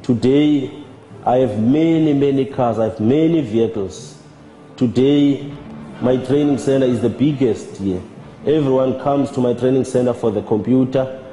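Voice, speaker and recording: A man giving a measured, halting personal testimony as a church member. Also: medium pitch, dark tone. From South Africa. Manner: measured, halting, with repeated words. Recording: roomy with long reverb and faint music.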